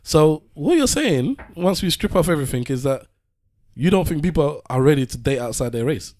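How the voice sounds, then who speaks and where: A man's voice: fairly high pitch, animated, moderate pace, a little mellow. A man, a podcast co-host, asking provocative, teasing questions in casual chat.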